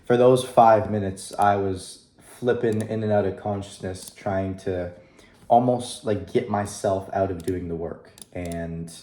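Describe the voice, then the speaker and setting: A man's voice: sits low, measured pace, dark tone. A young man talking casually to the camera in a video diary, upbeat and rambling, with fillers, at his computer. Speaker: vlogger. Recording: echoey room.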